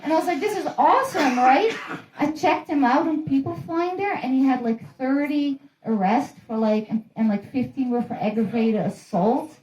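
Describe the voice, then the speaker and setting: A woman's voice: high-pitched, moderate pace, few pauses, dark tone. A woman, doing rambling, profane, self-deprecating stand-up storytelling at a house party. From Netherlands. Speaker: stand-up comedian. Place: room in a private house. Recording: roomy echo.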